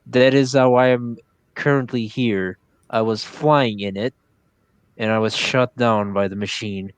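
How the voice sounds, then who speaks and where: Smooth-voiced male tabletop player. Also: mid-range voice, steady tone, measured pace, dry recording. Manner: formal, slightly stilted in-character speech. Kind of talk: in-character tabletop role-play.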